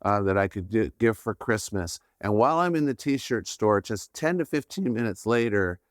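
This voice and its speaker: A man's voice: fairly low pitch, lively intonation, normal speed, no room sound. Man, podcast host, earnest faith teaching, conversational, close dry sound. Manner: earnest, frequent "right?" check-ins.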